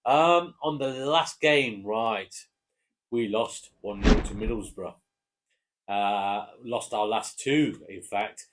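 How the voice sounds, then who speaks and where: A man with an English accent casually chatting through football match predictions, relaxed and hesitant with fillers. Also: lowish voice, slow pace, very noisy. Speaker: co-host giving match predictions. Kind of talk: casual chat.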